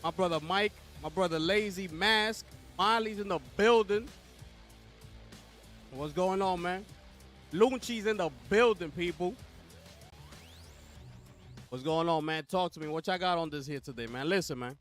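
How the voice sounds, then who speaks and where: Young male streamer, high-pitched, hyped slangy chat host, faint music underneath. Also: measured pace, pauses often, a bit bright. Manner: hyped, talks straight to chat with repeated slang call-outs. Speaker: livestream host. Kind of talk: casual live co-stream chat.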